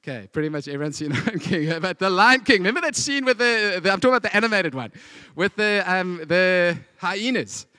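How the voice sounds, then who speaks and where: A man preaching a sermon in a lively way, acting out scenes and quotes as he goes. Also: high voice, fairly quick, dry recording, clean studio sound. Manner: animated, acts out scenes with voices. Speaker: pastor.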